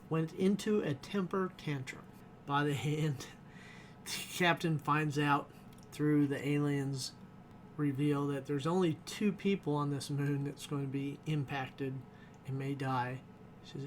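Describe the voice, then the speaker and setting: A man talks through a TV episode in a loose, rambling review and chuckles often. His voice sits a little high for a man. A faint hiss runs under the recording. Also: steady tone, measured pace. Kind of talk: casual spoken review.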